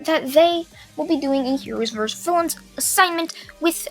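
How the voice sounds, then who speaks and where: A young woman narrating a fan-made story casually, in long run-on sentences with filler pauses. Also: high-pitched, faint music behind.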